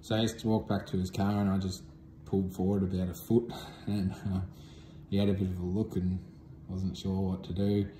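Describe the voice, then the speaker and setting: A man's voice: deep voice, mellow, echoey room, a little hiss or hum. A man with an Australian accent casually recounting a story to the camera, laid-back and drawling, with frequent ums. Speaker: vlogger.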